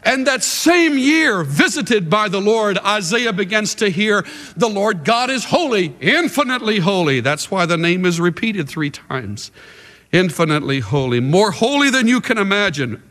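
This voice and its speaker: A man's voice: sits high, a bit bright, in a large hall. A man preaching a sermon with dramatic delivery, leading his congregation to answer back in call-and-response.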